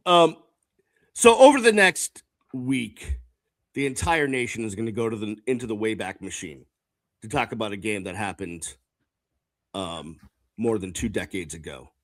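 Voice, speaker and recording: A man's voice: on the low side, no room sound. Reflective man in a dry room. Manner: measured, reflective, filler-heavy. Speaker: podcast host. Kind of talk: casual sports podcast chat.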